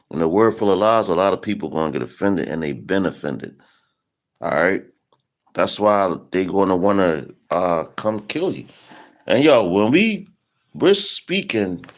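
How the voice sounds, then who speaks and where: A man giving a casual, rambling Bible talk in street slang, slowing down to read scripture aloud. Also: fairly low pitch. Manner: loose, rambling, slangy, reads scripture slowly. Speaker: preacher.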